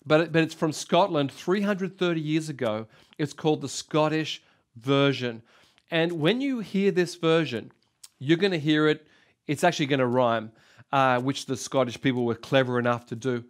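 A man in his sixties with an Australian accent preaching a sermon, emphatic and repetitive, swinging between loud and soft. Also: a little high, normal speed. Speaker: pastor.

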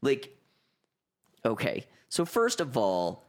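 A man's voice: mid-range voice, huge pitch swings, takes it slowly. A man with a Western New York accent, telling a story in casual podcast chat, full of filler words.

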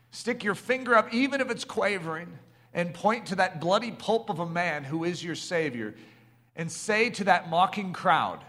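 A middle-aged man preaching a sermon, passionate and building to emphatic shouts. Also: sits high, lively intonation, normal speed.

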